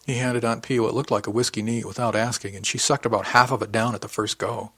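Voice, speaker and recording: A man narrating a first-person audiobook, lifting his pitch for character lines and dropping low on dialogue tags. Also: steady tone, fast, bright, forceful tone, slightly rough, dry recording.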